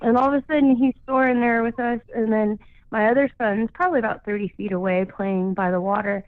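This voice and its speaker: This woman phones in to a radio program and chats her way through a story, leaning heavily on "like" and "you know." Her voice is a little high and steady, her pace a little fast, with no room sound on the tinny phone line.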